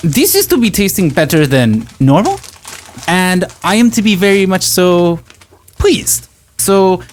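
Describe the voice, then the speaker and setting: A man voicing a male sailor in a tabletop game, who talks in a stilted way with odd formal grammar. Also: sits high. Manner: stilted "I am to be" phrasing. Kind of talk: tabletop game role-play.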